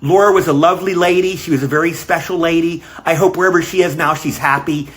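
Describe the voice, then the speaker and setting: An older man with a slightly high voice records a casual video greeting. He rambles warmly through memories, circling back and restarting his sentences. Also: fairly even intonation, fast. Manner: rambling, warm storytelling with fillers. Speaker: actor sending a video greeting. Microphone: self-recorded video.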